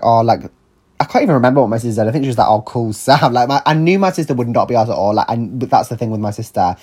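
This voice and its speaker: On this podcast, a young male host speaks in a lowish voice with a darkish tone. He's recounting something personal, candid and chatty, sprinkling in plenty of fillers like "like" and "um" along with the odd curse word.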